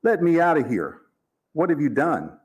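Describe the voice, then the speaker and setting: A man reading aloud, voicing an angry trapped man who blusters, threatens and shouts his demands. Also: medium pitch, lively intonation, brisk. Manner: shouting, indignant.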